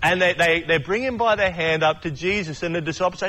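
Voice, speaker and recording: A man's voice: a little high, quick pace, hardly any pauses, sharp tone, low-quality recording. Chatty man preaching a casual sermon. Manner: chatty, acts out voices in stories. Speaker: pastor.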